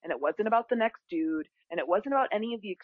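A woman's voice: medium pitch, lively intonation, fast talker, dry recording, phone-quality sound. A woman, a spiritual teacher, talking expressively as a podcast guest and acting out the voices of people she quotes. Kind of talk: conversational interview.

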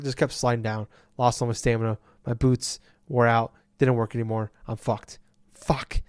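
A man co-hosting a casual gaming podcast, telling a profane, ranting story about a game. He mutters low one moment and shouts the next. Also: no echo, studio quality. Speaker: podcast co-host. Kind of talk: casual chat.

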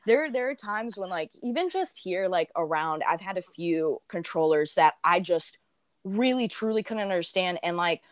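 A woman's voice: lowish voice, expressive, normal speed, dry recording. A young woman with a slight Southern accent, hosting a podcast in a rambling, casual way full of fillers. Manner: friendly, rambling, lots of fillers. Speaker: podcast host. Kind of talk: casual interview chat.

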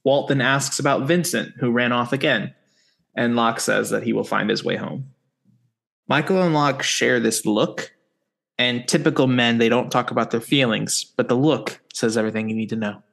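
A man's voice: medium pitch, moderate pace, gravelly, a bit bright. A man co-hosting a podcast, recapping a TV episode in casual chat with sarcastic asides. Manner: wry, sarcastic asides while summarizing.

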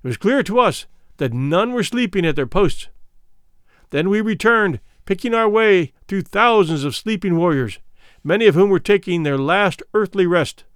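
A man narrating a first-person adventure novel in a measured, reflective storytelling manner. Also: high-pitched, expressive, fairly bright tone, clear, resonant tone, dry recording, studio quality. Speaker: audiobook narrator.

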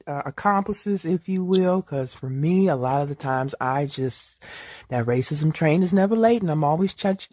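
Woman on a podcast, slow careful talker, dry close sound. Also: lowish voice, a little mellow, dry recording. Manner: measured and deliberate, with vivid turns of phrase. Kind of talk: casual podcast chat.

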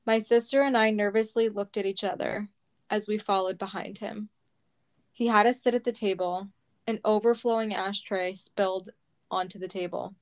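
A woman reading her own personal memoir aloud, slow and heavy, close to tears. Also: mid-range voice, steady tone. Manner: slow, heavy, measured storytelling.

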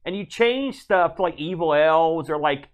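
A playful man bantering on a casual podcast, always ready with a joke. His voice sits a little high and swings widely in pitch as he teases his co-host. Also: animated, moderate pace. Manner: joking, playful, teasing. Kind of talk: casual chat.

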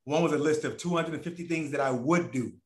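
A man's voice: on the high side, quick pace, roomy sound, a little hiss or hum. A man as a podcast guest, telling a long story in a casual, profane way and acting out other people's voices.

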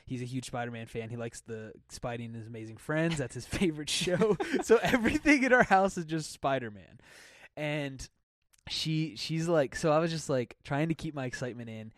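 Laughing, animated young man on a podcast. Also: fairly high pitch, fairly quick, no echo, studio quality. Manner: animated storyteller, laughs often, acts out quotes. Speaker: podcast co-host. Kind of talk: casual chat. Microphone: close podcast mic with windscreen.

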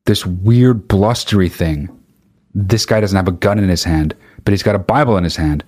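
A man's voice: sits low, normal speed, a little mellow. A male podcast host in a casual, exasperated rant, swearing constantly.

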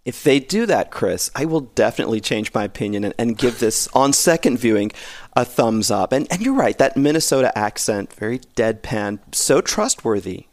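A man's voice: mid-range voice, expressive, moderate pace, no room sound. A man giving his opinions as a podcast guest, wry and opinionated, with laughs in his talk. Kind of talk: casual podcast chat.

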